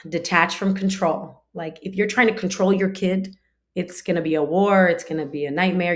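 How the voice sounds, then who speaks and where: A woman teaching a spiritual class in a conversational way, full of fillers and restarts, now and then acting out short quoted lines. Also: fairly low pitch. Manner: acts out short quoted lines in her talk.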